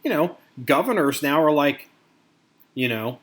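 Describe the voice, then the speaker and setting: A podcast co-host with a slightly high voice talks in an unhurried way on a casual show. He swears a lot and is animated, acting out angry quotes.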